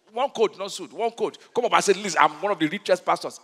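A male pastor delivers an emphatic sermon, tossing call-and-response questions at his congregation. His voice sits high and rings bright and forceful. The sound carries the long reverb of a large church hall. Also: expressive, quick pace, hardly any pauses, breathy edge.

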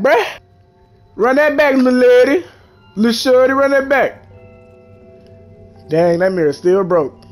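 Young man, very high voice, let's-play commentary, mock-dramatic, faint game music behind. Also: measured pace, long pauses. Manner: animated, mock-dramatic, talks to game characters. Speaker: gaming YouTuber.

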